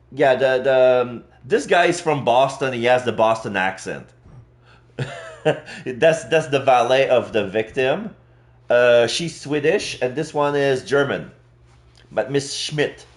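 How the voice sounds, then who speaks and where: A man talks through a game on a live stream, slowly and unhurriedly. He pauses often, restarts his sentences, and fills the gaps as he thinks aloud in casual, friendly commentary. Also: mid-range voice. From Quebec. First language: French. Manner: slow, halting, many fillers and restarts.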